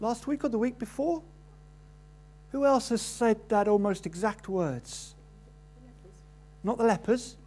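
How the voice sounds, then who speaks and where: Male preacher, animated sermon delivery, voices the story's people. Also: unhurried, long pauses, a little hiss or hum. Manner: animated, acts out quoted voices with rising pitch.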